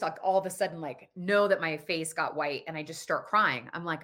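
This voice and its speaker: A woman's voice: low voice, brisk, fairly bright tone. A woman in her thirties telling a personal story in casual conversation, acting out the dialogue in quoted voices.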